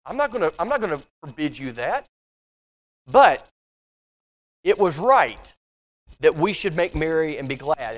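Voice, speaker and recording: A man's voice: on the high side, sing-song, measured pace, pauses often. A man teaching a Bible study class in a church, reading scripture and explaining it in a conversational way, often repeating and restarting words.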